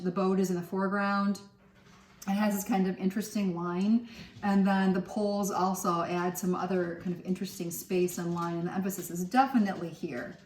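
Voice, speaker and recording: A woman teaching a recorded remote art lesson, explaining step by step in a relaxed way with frequent ums and uhs. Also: medium pitch, recorded from a distance, a little hiss or hum. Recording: roomy echo, voice set back from the mic.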